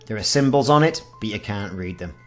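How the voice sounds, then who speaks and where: A man's voice: fairly low pitch, expressive, a little fast, fairly bright tone, soft background music. A man in his forties hosting a casual game walkthrough, reading the game's text aloud with wry asides. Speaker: gaming channel host.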